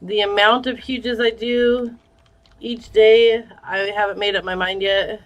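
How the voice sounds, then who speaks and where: A woman's voice: medium pitch, steady tone, measured pace, dull audio. A woman live-streaming a giveaway, chatting casually with viewers and reading out their names. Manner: chatty, reads viewer names and answers chat.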